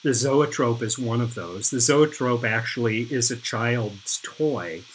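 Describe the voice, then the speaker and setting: Man, middle-aged, art instructor, unhurried explanatory lecture, faint background hiss. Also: medium pitch, rough recording. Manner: unhurried, explanatory, pointing at images. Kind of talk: recorded lecture over slides.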